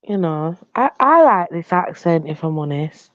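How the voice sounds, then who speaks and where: A woman's voice: on the low side, sing-song, measured pace, no echo. A woman hosting a live online panel in casual banter, giggling and trying out a put-on accent that keeps shifting. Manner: playfully putting on a changing accent, giggly. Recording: dull lo-fi online call audio.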